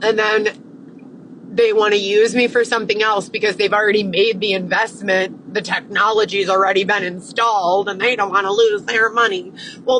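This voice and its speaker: A woman's voice: medium pitch, a bit bright, a little hiss or hum, low-quality recording. A woman vlogger in an agitated, profane, rambling monologue to camera, repeating herself as she vents. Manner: agitated, profane, repetitive ranting.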